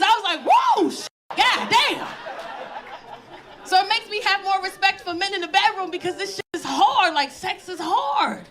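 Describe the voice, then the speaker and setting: A middle-aged woman doing a stand-up comedy set, telling stories loudly with lots of put-on voices, on a club stage with a handheld mic. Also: very high voice, noisy background. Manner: bold, loud, animated storytelling with put-on voices. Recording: live club recording with crowd laughter.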